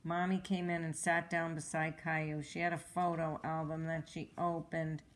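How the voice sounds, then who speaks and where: A woman reading a children's storybook aloud at home, with clear, even, expressive narration. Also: low voice, moderate pace. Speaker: storybook reader.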